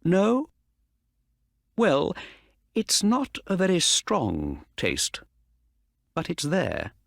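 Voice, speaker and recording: A calm, clever detective, as a man puts him on, explaining in a raised voice with lively swings. The pace is very slow and the sound is close and dry. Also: high voice, gravelly, no room sound, pitched above the performer's own voice, heavily acted. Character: calm clever male detective, middle-aged.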